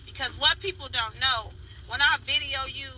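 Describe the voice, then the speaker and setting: A woman's voice: sits high, normal speed, pushed and bright, rough recording. A woman from Chicago talking in a heartfelt, rambling way, calling out to her viewers by name. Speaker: dance video blogger. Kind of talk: casual spoken vlog.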